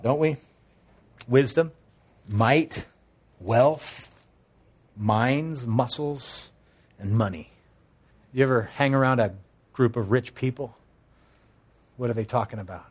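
Pastor, male, mid-pitch voice, conversational sermon with humor between scripture readings. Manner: expository Bible teaching with humorous asides; reads scripture aloud, then explains it conversationally.

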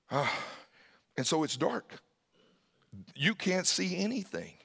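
A man's voice: fairly high pitch, sing-song, unhurried, creaky, pauses often, fairly bright tone, breathy edge, in a large hall. A middle-aged man preaching a sermon as a pastor, telling a family story, acting out the dialogue, and sometimes dropping to a whisper.

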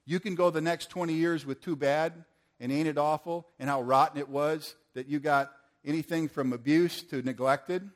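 A man's voice: fairly high pitch, fairly even intonation, moderate pace. An older man preaching a sermon to a church audience, earnest and asking the room questions.

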